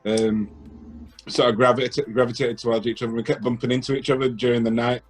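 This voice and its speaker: A man co-hosting a podcast, talking in a halting, hesitant way with many pauses. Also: medium pitch, level tone, faint music behind. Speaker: podcast co-host. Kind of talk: casual podcast chat.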